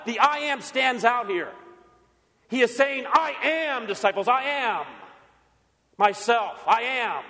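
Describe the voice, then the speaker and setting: A man's voice: sits high, fairly bright tone. Emphatic preacher man in an echoey hall. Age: older. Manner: emphatic, repeats key phrases. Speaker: pastor. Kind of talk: sermon.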